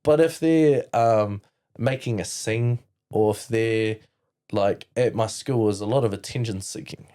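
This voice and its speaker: A man's voice: fairly low pitch, measured pace, mellow. A young man, a podcast guest telling his own story in casual chat, filling his talk with "like" and "you know". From New Zealand. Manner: rambling, heavy use of "like" and "you know".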